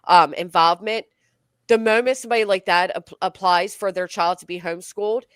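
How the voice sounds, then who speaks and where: A woman's voice: medium pitch, steady tone, brisk, fairly bright tone, smooth, no room sound. A woman hosting a casual true-crime chat, outspoken and indignant as she reacts. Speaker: true-crime commentary host.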